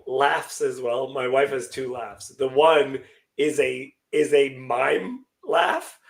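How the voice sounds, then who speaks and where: A man's voice: medium pitch, takes it slowly, gravelly. A man chatting as a podcast guest, telling joking stories with animation. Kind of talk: casual chat.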